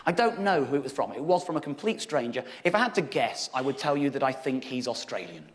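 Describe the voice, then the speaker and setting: A man's voice: mid-range voice, sing-song, fast. A man in his thirties telling a stand-up comedy story, wry and exasperated, mocking himself as he goes. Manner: wry, exasperated, self-mocking delivery with frequent laughter. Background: audience laughter.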